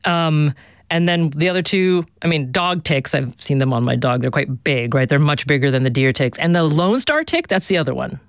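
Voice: medium pitch, normal speed, no echo, studio quality. A radio show host interviewing a guest in a conversational, probing manner.

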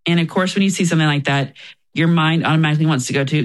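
A woman's voice: low-pitched, fairly even intonation, very fast, poor audio. A woman talking as an interview guest, telling her personal story in an earnest, reflective way and often quoting herself and others.

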